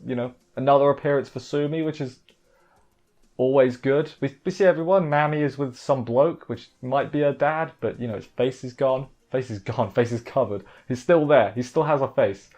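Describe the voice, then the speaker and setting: Excitable man reviewing anime. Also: mid-range voice, muffled recording. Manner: excitable, exasperated, self-interrupting. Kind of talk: casual episode recap review.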